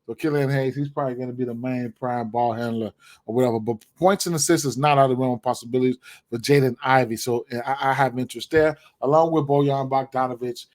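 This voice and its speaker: A man's voice: mid-range voice, fairly even intonation, fast talker, darkish tone. A man giving his sports betting picks in casual, rambling talk, full of fillers and repeated words. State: hiccups, clearing throat.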